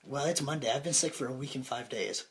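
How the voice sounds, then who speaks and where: Recorded on a phone set on a table, the audio is reverberant and low in quality. The young co-host, who has a cold, talks quickly at a medium pitch, rambling through casual chat with dry, self-deprecating humor.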